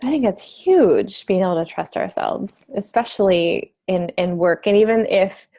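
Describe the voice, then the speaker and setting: A woman's voice: mid-range voice, moderate pace, dark tone, dry recording. A woman hosting a podcast, speaking thoughtfully in long flowing sentences that sometimes sink almost to a whisper. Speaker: podcast host. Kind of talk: reflective conversational interview.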